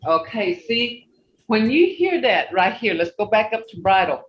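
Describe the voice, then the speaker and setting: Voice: medium pitch, big pitch swings, a little slow, a little hiss or hum. A language teacher leading an online class, patiently repeating words and checking that everyone follows. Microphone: video call. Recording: echoey, muffled video call audio.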